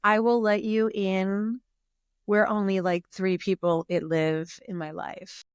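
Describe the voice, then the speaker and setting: An expressive woman on a podcast, talking openly and with feeling as a guest. Her voice sits in an ordinary middle pitch. The sound is dry and close, with no room around it. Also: slow, smooth, dry recording. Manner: expressive, emotional, tears up while talking. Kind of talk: casual podcast conversation.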